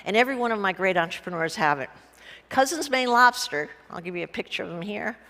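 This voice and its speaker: A woman's voice: medium pitch, lively intonation, quick pace, pushed and bright. A woman giving a humorous talk at a conference, telling stories in a blunt, joking way with some casual profanity. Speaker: conference speaker, businesswoman. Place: conference stage before a live audience. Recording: reverberant hall.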